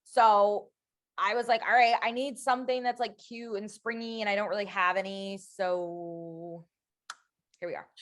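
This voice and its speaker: Speaking at a measured pace in a medium pitch, this young woman is a podcast co-host caught in casual conversation. She's an animated storyteller who likes to drop into playful voices.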